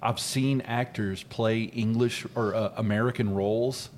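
A man's voice: on the low side, steady tone, a little slow, darkish tone, slight background noise. A man co-hosting a casual podcast chat, rambling and hesitant with lots of fillers. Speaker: podcast co-host.

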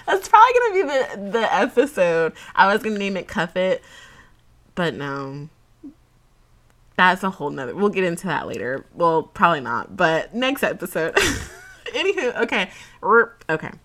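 A young woman hosts her own podcast, chatting casually to listeners she calls "y'all," using lots of slang. She laughs often and is emotional, sometimes close to tears. Her medium-pitched, fairly bright voice is sing-song at a moderate pace, with frequent pauses.

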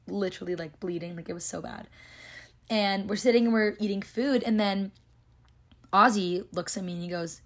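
Young woman, late teens to early twenties, vlogger, fast, chatty, filler-heavy delivery. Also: mid-range voice. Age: young adult. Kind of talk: casual storytelling vlog.

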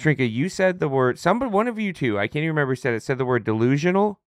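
A man's voice: fairly high pitch, racing, dry recording. A man co-hosting a podcast who teases his friends and tells stories with plenty of life. His voice sits close and dry, with no room around it. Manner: teasing, animated storyteller. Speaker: podcast co-host. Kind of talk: casual chat.

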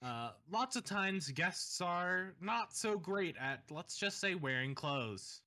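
A young man who works as a lifeguard, speaking in a calm deadpan way in a casual group chat. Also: high-pitched, slow pace.

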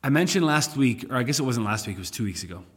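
A male pastor leads a Bible study in a relaxed, conversational way. He turns louder and more emphatic when he reads scripture aloud. His voice sits at a middling pitch, and long reverb trails each phrase as in a big hall. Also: racing, husky.

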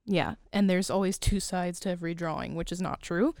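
A woman with a smooth, clear voice retells a film's story in casual chat, quoting the characters as she goes. The sound is close and dry. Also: on the low side, brisk, no room sound. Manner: animated storyteller, laughs often, quotes characters. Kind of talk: casual movie recap chat.

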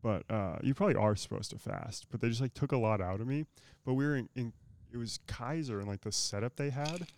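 A young man chats loosely on a podcast and swears freely along the way. His voice is gravelly, with some fry at the ends of phrases. It sounds close and dry, with no room around it. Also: mid-range voice, brisk, darkish tone, no echo. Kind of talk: casual chat.

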